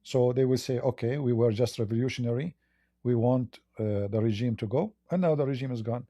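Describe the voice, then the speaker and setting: This debate host speaks at medium pitch in a very dark, mellow voice, grilling a live caller with pointed questions. He stumbles along, restarting and repeating words. Audio is close-miked and dry, without any room sound.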